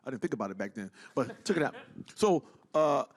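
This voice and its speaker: A man telling a story in casual talk, animated and profane, acting out the people he quotes. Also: mid-range voice, a little fast. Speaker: guest.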